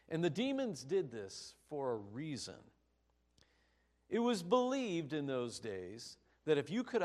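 Male pastor, lively up-and-down pitch, slightly high voice, storytelling sermon. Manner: animated storytelling, rising emphasis.

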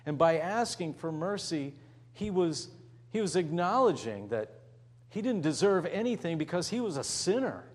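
A man preaching with a lively, swooping delivery, acting out the voices in the story he tells. His voice sits a little high for a man, and he shifts from loud calls down to hushed, almost whispered words. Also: moderate pace. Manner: dramatic, acts out voices, drops to near whisper. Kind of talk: sermon storytelling.

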